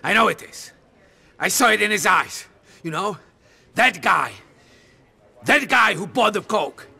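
Crazy mob boss in a game, gravelly raspy voice, all over the place pitch-wise. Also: male voice, expressive, unhurried, pushed and bright, heavily acted. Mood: paranoid. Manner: erratic, swings from laughing to menacing. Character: volatile paranoid male mob boss.

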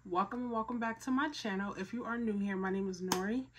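A young woman from Philadelphia excitedly unboxing on her vlog, repeating herself and stumbling over her words. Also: mid-range voice, fast talker, background noise. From Philadelphia, USA. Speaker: vlogger.

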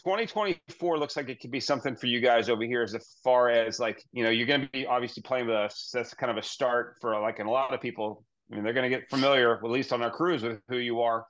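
A male podcast host chats with his guest in a relaxed, conversational way and eases into his questions. His pitch sits in the middle range. The audio sounds dull and slightly lo-fi. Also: fast, few pauses. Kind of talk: casual interview chat.

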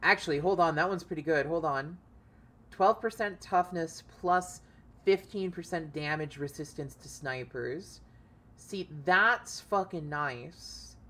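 Excitable swearing woman streamer. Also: low voice, a little slow. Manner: excitable, swears freely, thinks aloud. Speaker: game streamer. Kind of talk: casual gameplay commentary.

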